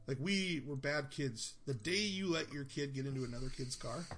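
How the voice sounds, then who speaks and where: A man's voice: medium pitch, moderate pace, fairly bright tone, slight background noise. A man from North Dakota hosting a podcast, talking in rambling casual chat with a lot of swearing. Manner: rambling, profane, chuckling. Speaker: podcast host.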